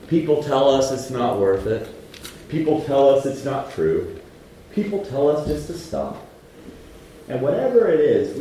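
A man preaching a lively sermon in a casual, slangy way, swinging between loud outbursts and hushed asides. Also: mid-range voice, slight background noise. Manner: casual, slangy delivery with frequent laughs. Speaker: pastor. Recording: echoey hall from a distance.

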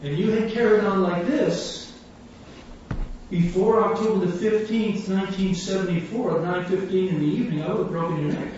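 High-voiced man preaching in an echoey hall. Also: normal speed. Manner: animated storyteller, acts out quoted voices. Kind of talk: sermon storytelling. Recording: echoey hall, distant mic, dull sound, faint room hum.

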